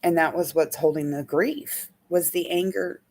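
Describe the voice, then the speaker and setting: A middle-aged woman with a slightly low voice teaches as a healing coach. She talks casually and candidly, drifting through emotional personal stories. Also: normal speed, darkish tone, slight background noise. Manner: candid, rambling, emotional storytelling.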